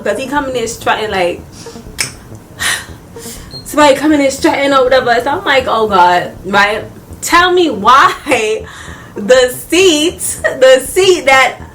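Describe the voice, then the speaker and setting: A woman's voice: sits high, slight background noise. Slangy New woman telling a story. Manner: animated, slangy, laughing often. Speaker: vlogger. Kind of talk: casual storytime.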